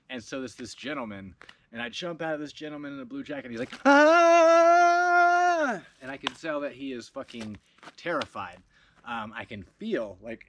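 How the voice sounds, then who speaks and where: Laughing, animated man vlogging. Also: medium pitch. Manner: laughs often, swears freely, animated. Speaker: video blogger. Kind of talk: casual storytelling video log.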